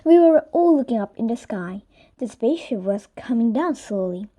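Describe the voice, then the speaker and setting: A woman with a fairly high, mellow voice reads a children's chapter book aloud. She trips over words now and then and goes back to fix them. She sounds brighter when she voices the kids in the story and hushes to a whisper for asides. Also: expressive, moderate pace. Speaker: reader.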